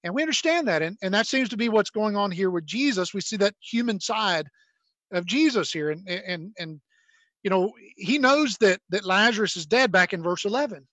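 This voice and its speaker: Male pastor, high-pitched, relaxed conversational preaching with frequent restarts, close dry mic. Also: normal speed, no echo. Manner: conversational, many repeated "and"s and restarts. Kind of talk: sermon with scripture reading.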